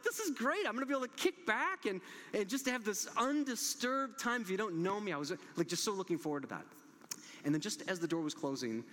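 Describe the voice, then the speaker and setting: Pastor man telling a story in a big echoey hall. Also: fairly high pitch. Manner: relaxed storytelling with gentle humor. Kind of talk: conversational sermon. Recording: long hall reverb.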